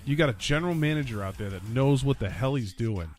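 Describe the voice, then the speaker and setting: A man hosting a casual solo sports podcast, talking in an animated, rambling way and repeating lines for emphasis. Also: medium pitch, fast talker, soft background music. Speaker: podcast host. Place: lives in Orlando.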